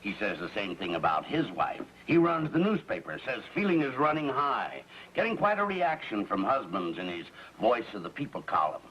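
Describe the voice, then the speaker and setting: An actor playing a grumbling middle-aged suburban husband, eager and gossipy, in 1950s sitcom acting. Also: male voice, medium pitch, very animated, moderate pace, a bit bright. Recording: dull lo-fi 1950s TV soundtrack with faint hiss.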